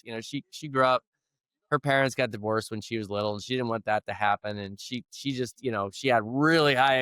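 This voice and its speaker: A man's voice: mid-range voice, a bit bright, smooth, no echo, clean studio sound. A middle-aged man, a leadership coach, telling a personal story in an interview in an earnest, conversational way. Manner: earnest storyteller who acts out quoted dialogue.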